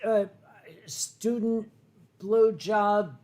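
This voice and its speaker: A man's voice: high voice, extremely slow, darkish tone. Rambling, swearing host man. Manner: rambling, swearing, many fillers and restarts. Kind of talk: casual drunken chat.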